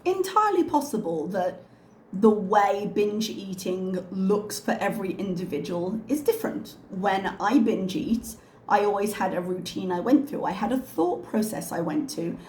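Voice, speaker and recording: A woman hosting a reaction video, talking calmly with pointed, sarcastic remarks. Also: medium pitch, moderate pace, reverberant, slight background noise. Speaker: reaction channel host. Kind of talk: soft-spoken reaction commentary.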